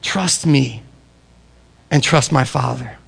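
Gravelly-voiced man preaching a sermon. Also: mid-range voice, slow pace, slight background noise. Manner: earnest preaching, repeats key phrases, varies pace for emphasis. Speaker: pastor.

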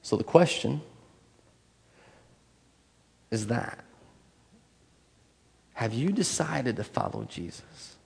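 Gravelly-voiced male pastor in an echoing hall. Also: medium pitch, big pitch swings, slow, long pauses. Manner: swings from loud emphatic to hushed, acts out inner voices. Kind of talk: sermon.

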